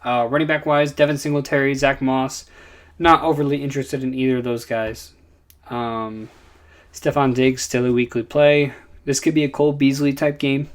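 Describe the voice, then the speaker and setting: A man's voice: medium pitch, flat delivery. A young man casually giving fantasy football picks, running through players with lots of ums and uhs. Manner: rapid list of player picks with many fillers. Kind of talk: casual commentary.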